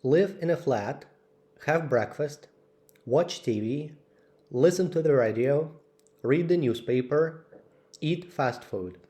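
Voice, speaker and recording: Slow, mellow-voiced man reading word lists. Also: a little high, expressive. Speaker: English teacher. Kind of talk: slow vocabulary drill.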